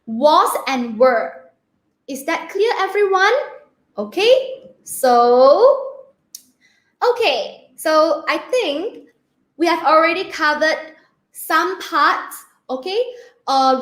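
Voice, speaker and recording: A woman teacher with a Malaysian English accent giving a grammar lesson, slowly repeating key words and often checking with "okay?". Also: high voice, animated, fairly bright tone, echoey room.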